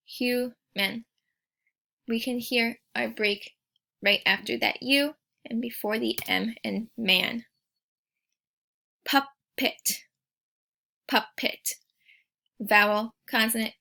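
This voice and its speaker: A woman teacher giving a recorded spelling lesson, speaking patiently and sounding out each word slowly and clearly. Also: on the high side, bright, forceful tone.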